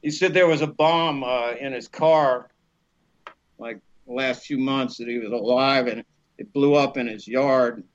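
A middle-aged man, an actor guest, telling lively anecdotes in casual conversation, acting out the voices of the people he quotes and laughing often. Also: mid-range voice, a little slow. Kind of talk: casual storytelling interview. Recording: dull lo-fi podcast audio.

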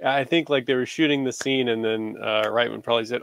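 A man's voice: medium pitch, fairly even intonation, a little fast, vocal fry, a bit bright, no echo. A man in his thirties, a father, chatting casually as a podcast co-host and rambling through stories with many fillers. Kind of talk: casual chat.

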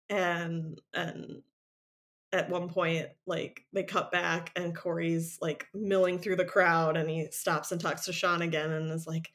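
A podcast co-host with a fairly low voice recaps a TV episode at a measured pace, telling it animatedly with lots of "like" fillers and frequent laughter.

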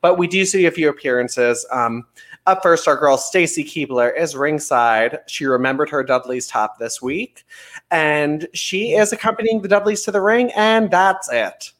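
A man's voice: fairly high pitch, normal speed, fairly bright tone. A young man co-hosting a casual podcast chat, playful, laughing often and acting out quotes. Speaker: podcast co-host.

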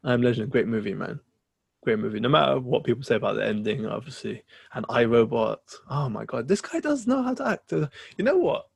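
A man's voice: mid-range voice, big pitch swings, a little fast, vocal fry, slightly rough, no room sound. A man co-hosting a podcast in casual chat, rambling with fillers and restarts. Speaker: podcast co-host.

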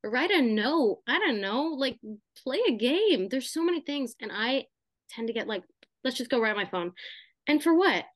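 On a podcast, a young woman co-host chats casually, thinking aloud with lots of asides and fillers at normal speed. Her slightly high voice swings widely in pitch, and the close, dry recording has no room sound.

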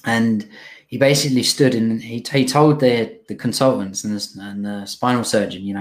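An earnest young man shares his own story with a slightly low voice. He pauses, restarts and fills gaps as he goes. He sounds moved but keeps talking. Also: fairly even intonation. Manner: earnest, halting, frequent restarts and fillers. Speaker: speaker telling his recovery story. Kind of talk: emotional personal storytelling.

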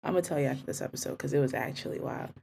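A woman's voice: deep voice, racing, gravelly, dark tone, a little hiss or hum. A young woman co-hosting a podcast in casual chat, her voice congested from a cold, joking and slangy. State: congested, sick voice. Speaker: podcast co-host.

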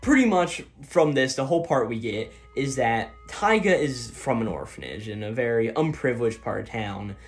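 A man's voice: mid-range voice, animated, normal speed, few pauses, soft background music. Man rambling through a casual recap. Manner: rambling and filler-heavy, retelling scenes with loose paraphrased quotes. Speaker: manga discussion host.

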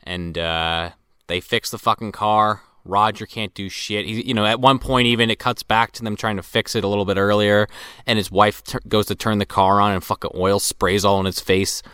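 A man's voice: on the low side, fairly even intonation, moderate pace, bright, forceful tone, clean tone, no room sound, clean studio sound. A man co-hosting a podcast, casually recapping a movie, swearing often and laughing along. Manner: laid-back storytelling, swears often, laughs. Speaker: podcast co-host.

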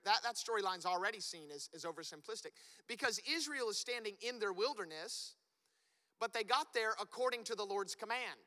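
A man preaching a sermon as pastor, animated and rising to loud, emphatic peaks. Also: sits high, brisk, clear, resonant tone. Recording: long reverb of a church hall.

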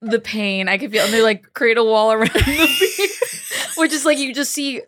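A woman guesting on a podcast in casual chat, animated and full of fillers. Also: on the high side, moderate pace, a little hiss or hum. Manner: animated, laughing, filler-heavy.

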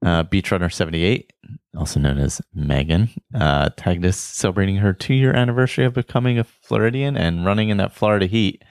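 A man hosting a casual podcast, reading out listener shout-outs in a relaxed, rambling way with many fillers. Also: low-pitched, a little fast, clean tone, no room sound, clean studio sound. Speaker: podcast host.

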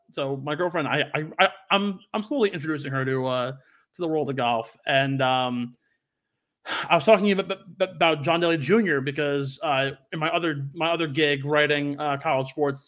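Here a young man co-hosting a podcast chats casually, his story peppered with fillers and restarts. The voice is a little high and a bit bright.

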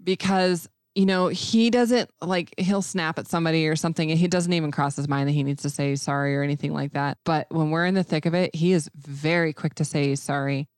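A woman with a low voice talks openly and a bit self-mockingly in a relaxed conversation. The sound is dry and close, with no room around it. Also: fairly quick, hardly any pauses, clear, resonant tone, no room sound. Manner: candid, self-deprecating, laughs often. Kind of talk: casual chat.

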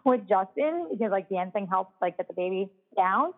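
A woman's voice: medium pitch, expressive, normal speed. Chatty woman on a tinny phone-like line. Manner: chatty, heavy use of "like" fillers, laughs often. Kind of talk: casual storytelling chat.

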